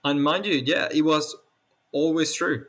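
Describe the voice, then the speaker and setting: A man's voice: on the high side, fairly even intonation, a little slow, fairly bright tone. Venezuelan man chatting as a podcast guest. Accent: Venezuelan Spanish. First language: Spanish. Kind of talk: casual interview chat.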